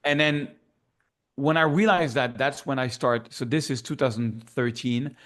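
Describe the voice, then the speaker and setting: A man's voice: medium pitch, measured pace, fairly bright tone. A man with a French accent, a guest in a casual interview, telling his story with animation and acting out remembered dialogue. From France.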